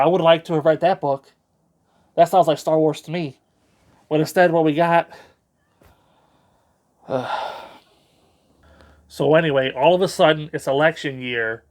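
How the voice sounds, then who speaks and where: A man giving a casual, rambling spoken book review with a sarcastic edge. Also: mid-range voice.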